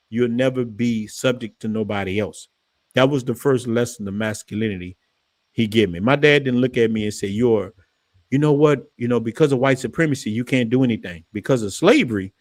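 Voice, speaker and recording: A man from New Orleans hosts his channel with casual storytelling, his voice clear and dry with no echo or room sound. He becomes animated and leaps higher in pitch when quoting his dad.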